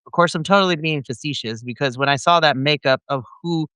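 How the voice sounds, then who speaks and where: Animated man with a bright, raised voice. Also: on the high side, fairly quick, clear, resonant tone, no room sound. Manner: animated and playful, acts out his reactions. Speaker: podcast co-host. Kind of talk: casual podcast chat.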